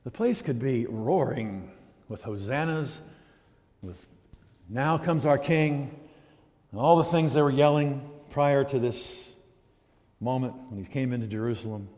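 A man preaching a sermon as pastor, animated, swinging from loud emphasis to quiet asides. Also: medium pitch, unhurried. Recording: long hall reverb.

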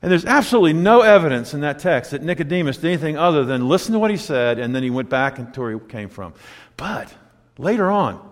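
A man preaching a sermon, telling stories with lively acted-out quotes and asides. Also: fairly high pitch, fast talker, long reverb tail. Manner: animated storytelling, acting out quoted voices.

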